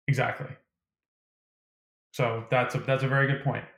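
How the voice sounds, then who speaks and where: A man co-hosting a casual chat, relaxed and a little hesitant, with fillers. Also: mid-range voice, normal speed, creaky. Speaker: podcast co-host. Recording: echoey room.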